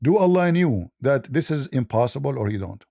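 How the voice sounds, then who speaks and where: Man, host, heated debate, mellow warm tone, dry close sound, somewhat high voice. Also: expressive, moderate pace, vocal fry, no echo. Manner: argumentative, repeats points, mocking.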